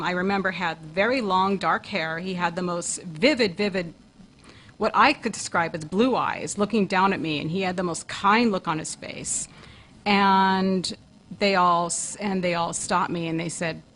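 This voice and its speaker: A woman's voice: lowish voice, normal speed, a bit bright, slight background noise, low-quality recording. A woman co-hosting a talk show who earnestly recounts a vivid personal experience, often restarting her phrases. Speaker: co-host, paranormal investigator.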